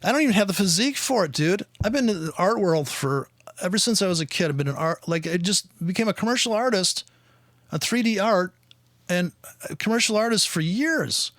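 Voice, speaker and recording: A man with a high voice rants through a casual podcast. He talks in a profane, sarcastic way, and the dry, close recording has no room sound. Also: animated, a little fast, a bit bright, dry recording. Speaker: podcast host and trader.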